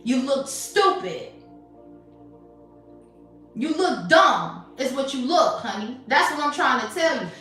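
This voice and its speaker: A woman's voice: sits high, sing-song, slow pace, long pauses, a bit bright, far from the mic. A woman giving a spiritual tarot reading, blunt, sassy and emphatic, often swearing. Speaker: tarot reader. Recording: very echoey room, off mic, faint music.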